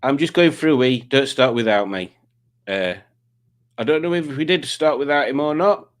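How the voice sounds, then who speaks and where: A man's voice: mid-range voice, normal speed. Rambling man hosting a stream. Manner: rambling, reads out chat comments. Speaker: quiz stream host. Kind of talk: casual live-stream chat.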